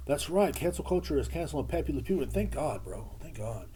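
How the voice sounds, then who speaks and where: A man's voice: fairly high pitch, sing-song, fairly quick, dark tone, breathy edge. A young man hosting a podcast, rambling through a crude comedic monologue full of fillers, repeats and slang. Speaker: podcast host.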